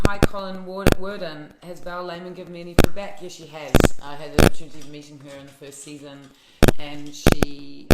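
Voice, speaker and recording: Low-pitched and speaking with a New Zealand accent, an actress chats playfully with fans during a live-stream Q&A, reading comments out loud, laughing a lot and restarting sentences amid many fillers. Captured on a phone or laptop mic, the audio is echoey and very noisy.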